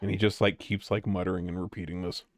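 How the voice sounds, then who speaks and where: Low-voiced rambling man game master. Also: little pitch movement, quick pace, no room sound. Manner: rambling, lots of fillers. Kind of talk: narrating a tabletop game.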